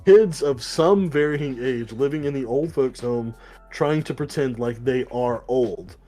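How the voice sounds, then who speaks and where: A man co-hosting a podcast, loosely recapping a comic book story with swearing and quick put-on voices. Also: medium pitch, dark tone, faint music behind. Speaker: podcast co-host. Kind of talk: casual comic book chat.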